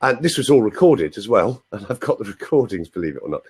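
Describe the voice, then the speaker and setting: Talking fast with few pauses, this Londoner in his sixties, a voice coach guesting on a live online video chat, spins playful stories and throws asides to listeners. His voice is on the low side, husky and darkish, with big pitch swings and an English accent.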